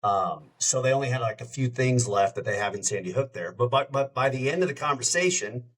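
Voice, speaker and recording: A man's voice: medium pitch, brisk. Man telling a story. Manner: lively anecdote-telling, acts out quoted dialogue. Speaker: country radio host, podcast guest. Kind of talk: casual storytelling.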